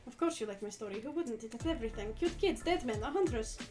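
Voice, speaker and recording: A woman's voice: on the high side, expressive, fast, over music, close to an everyday voice. A woman voicing a coy, menacing female huntress killer in a put-on Russian accent for a game. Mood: teasing.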